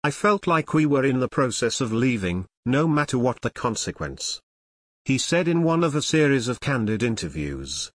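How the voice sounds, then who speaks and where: A man reading nonfiction narration in a measured, serious way. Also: medium pitch, sing-song, no echo. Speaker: audiobook narrator.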